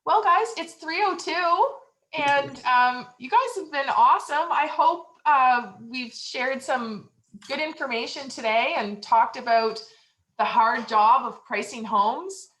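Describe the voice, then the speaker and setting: A woman's voice: sits high, slow pace, a bit bright, poor audio. A woman leading a real estate training session on a video call, giving encouraging, conversational advice.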